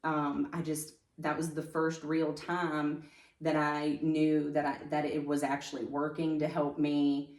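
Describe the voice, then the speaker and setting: Low-voiced woman, halting testimony. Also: completely flat delivery, a little mellow, reverberant, recorded from a distance. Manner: halting, with many fillers and restarts. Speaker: podcast guest. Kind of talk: personal testimony in conversation.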